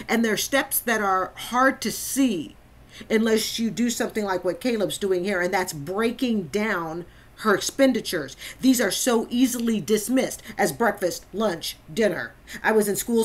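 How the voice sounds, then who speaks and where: A woman's voice: mid-range voice, animated, measured pace. A woman hosting a reaction commentary, emphatic and repeating phrases for stress. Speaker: host.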